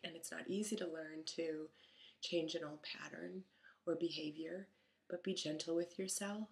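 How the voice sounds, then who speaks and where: A mother telling a story about her son in a chatty, animated way, acting out the lines of the people in it. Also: on the low side, moderate pace, creaky. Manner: chatty, animated retelling with quoted dialogue. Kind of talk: casual storytelling monologue.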